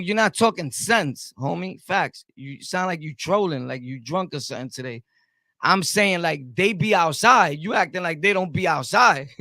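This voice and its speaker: A man's voice: a little high, pushed and bright, dry recording, clean studio sound. A man with a Brooklyn accent, a streamer ranting heatedly at his chat and repeating his points over and over. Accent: Brooklyn New York. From Brooklyn, New York. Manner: heated, combative, repeats himself. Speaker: streamer host. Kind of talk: live-stream rant answering chat.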